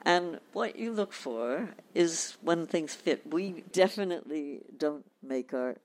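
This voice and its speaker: Measured man explaining his method. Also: on the high side, animated, a little mellow, slight background noise. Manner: measured, restarts phrases, acts out quotes. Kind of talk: explaining on a panel.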